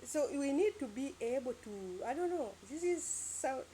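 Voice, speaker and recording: A woman's voice: high-pitched, animated, measured pace, mellow, a little hiss or hum. Rambling, emphatic woman vlogger. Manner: emphatic, rambling, with sound-effect words. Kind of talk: casual opinion monologue.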